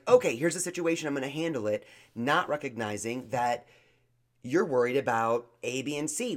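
A man co-hosting a podcast, giving blunt, sarcastic mock-therapy in a rambling way. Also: medium pitch. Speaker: podcast co-host. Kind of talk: casual mock-therapy chat.

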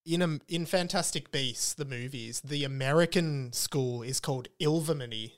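A man's voice: medium pitch, moderate pace. A man with an Australian accent hosting a comedy podcast, playful and laughing often. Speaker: podcast host and author.

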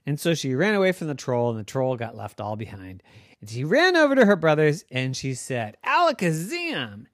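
A parent spinning a bedtime story off the cuff, playful and unhurried. The voice swoops up and down a lot, recorded dry and close. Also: medium pitch, no room sound.

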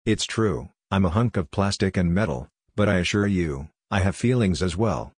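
Man playing a talking rice cooker, teasing, dry-witted, deep voice, storybook reading. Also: expressive, moderate pace, darkish tone, slightly rough, no echo. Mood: chiding. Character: sardonic talking rice cooker, seven years old.

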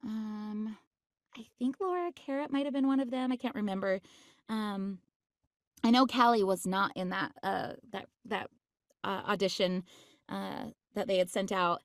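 A woman's voice: medium pitch, a little slow, no echo, clean studio sound. A woman voice actress chatting in an interview, bubbly and laughing often, with many fillers. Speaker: voice actress guest. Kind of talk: casual interview chat.

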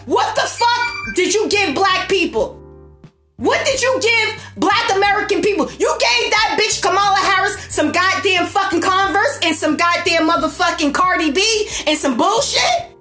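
A woman delivering an impassioned, profane political rant, repeating herself and shouting at times. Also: extremely high pitch, expressive, measured pace, echoey room, faint music behind. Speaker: political commentator.

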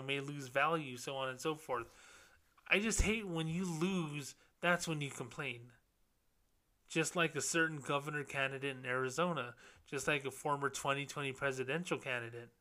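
A man's voice: fairly high pitch, sharp tone. A man hosting a podcast, ranting sarcastically about money and scams and mocking complainers in put-on quotes. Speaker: podcast host, former banker. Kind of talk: casual ranting monologue.

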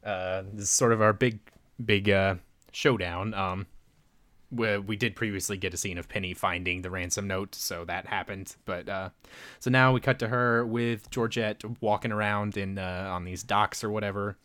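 A man casually recapping a movie plot, rambling with many fillers and quick voiced quotes. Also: lowish voice, fairly even intonation, a bit bright, no echo. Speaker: podcast co-host.

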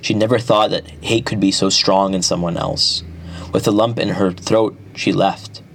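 A man narrating an epic folk tale at a measured pace, with small restarts. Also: low voice, steady tone, vocal fry, fairly bright tone, a little hiss or hum. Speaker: storyteller.

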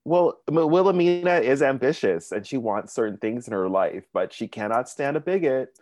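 A man's voice: mid-range voice, animated, moderate pace, a little mellow, no room sound. A man appearing as a podcast guest, chatting casually and gushing about the cast, laughing often. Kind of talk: casual chat.

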